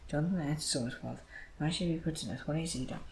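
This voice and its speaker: A man reading scripture aloud, moving quickly and often stumbling over words and starting lines again. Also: fairly high pitch, creaky, slight background noise, low-quality recording. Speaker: Bible reader.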